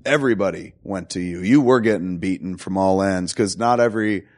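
A man hosting a casual conversation, animated, acting out quoted voices and swearing freely. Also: deep voice, a little fast.

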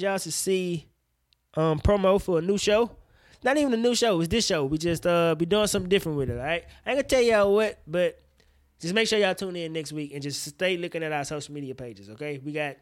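Slangy fella hosting a movie chat podcast, kinda high voice, gets hyped. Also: male voice. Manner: animated, profane, slangy. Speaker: podcast co-host.

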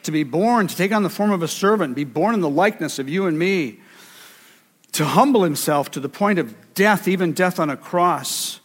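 A man's voice: high-pitched, animated, normal speed, slightly rough. A man preaching a sermon with emphasis, repeating key phrases for weight. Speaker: pastor. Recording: reverberant hall.

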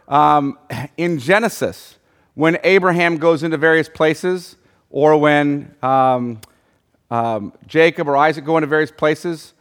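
Male Bible teacher, casual classroom delivery, halting and searching for words, questions the group. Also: fairly high pitch, a bit bright. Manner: thinking aloud, many ums and restarts, quizzing the group. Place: room with a group of listeners.

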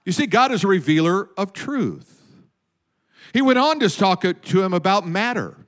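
A man preaching a sermon as pastor, animated, sometimes dropping to a hush. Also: high voice, normal speed.

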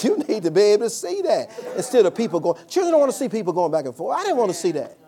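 Man, pastor, sermon, high-pitched, storytelling delivery. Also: huge pitch swings, very fast, warm tone. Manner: preaching with call-and-response, storytelling, laughing at times.

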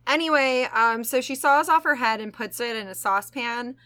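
Over a noisy background, a slightly high-pitched female co-host talks at a moderate pace on a laid-back true-crime podcast. Her retelling of the case is lively and full of laughter and profanity.

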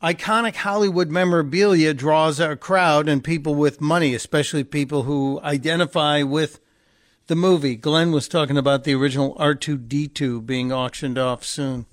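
A man's voice: a little high, steady tone, moderate pace, dry recording, studio quality. A man hosting a talk radio show and taking calls, chatty and jokey, often stumbling and repeating words. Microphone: studio microphone.

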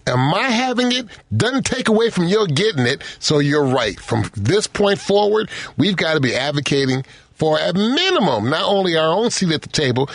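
A man's voice: fairly high pitch, dry recording. A man hosting a talk show, teasing his guests and then speaking earnestly. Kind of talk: casual talk show chat.

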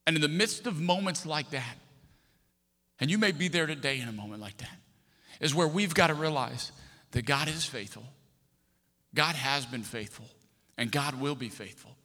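A man preaching from the pulpit, telling a personal story with animated, impassioned bursts. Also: on the high side, moderate pace, pauses often. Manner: impassioned, animated retelling with sudden loud outbursts. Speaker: pastor. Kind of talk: sermon storytelling. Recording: long hall reverb.

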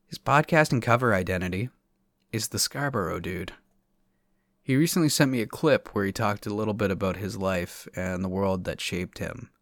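A man hosting a podcast who reads a scripted monologue with dry, sardonic humor. His voice sits fairly low, and the recording is close and dry with no room sound. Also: normal speed, no echo. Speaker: podcast host.

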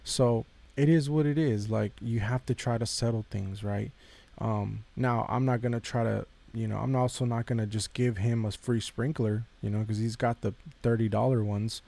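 A man's voice: fairly low pitch, fairly even intonation, moderate pace, vocal fry, dark tone. A man hosting a podcast, giving a casual devotional talk in a conversational way, repeating phrases and addressing listeners directly. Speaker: podcast host.

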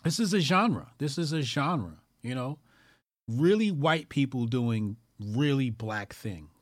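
A man's voice: mid-range voice, lively intonation, slow pace, no echo, studio quality. A man hosting a call-in commentary show, talking casually and profanely, repeating phrases for emphasis.

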